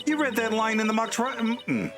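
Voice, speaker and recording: A man's voice: very high voice, normal speed, pitched above the performer's own voice. A man voicing a perky young female defense attorney in a game, chirpy and teasing. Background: game music.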